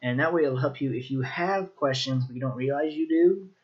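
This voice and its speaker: A man giving a casual video lesson on vocabulary, talking in a relaxed way with lots of ums and restarts. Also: mid-range voice, fairly quick, highs cut off. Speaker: language teacher.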